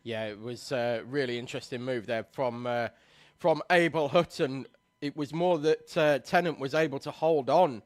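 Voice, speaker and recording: A man co-commentating on a live karting race, analysing the driving and rising to loud excitement at the finish line. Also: medium pitch, moderate pace, dry recording, studio quality.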